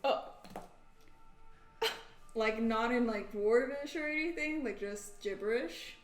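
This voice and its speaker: A woman's voice: fairly high pitch, slow pace, echoey room, faint music behind. A woman chatting casually as a player in a tabletop game, laughing often. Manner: giggly, chatty.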